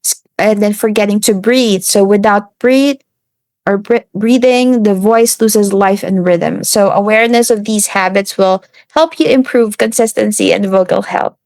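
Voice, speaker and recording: A woman presenting a class lesson on relaxing the voice, steady and instructive, with some slips and restarts. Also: mid-range voice, unhurried, no room sound. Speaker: student presenter.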